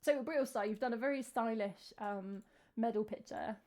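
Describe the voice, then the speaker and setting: A woman's voice: fairly high pitch, normal speed, a little mellow. A young woman, chatting casually with her live stream's chat, giggly and trailing off as she talks. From England. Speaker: streamer and singer-songwriter.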